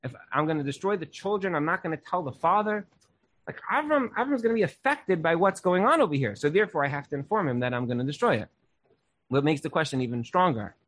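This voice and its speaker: A man's voice: on the high side, expressive, fast talker, a bit bright. A young man teaching a Torah class in an earnest, casual way, often saying "like". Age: young adult.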